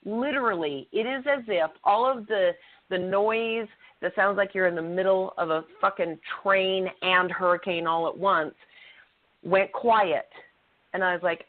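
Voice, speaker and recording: Middle-aged woman co-host, earnest and emphatic, a bit low-pitched, heard through a tinny phone-like line. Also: moderate pace. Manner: earnest, emphatic storytelling with occasional swearing. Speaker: podcast co-host. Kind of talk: conversational podcast talk. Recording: phone-like narrow sound.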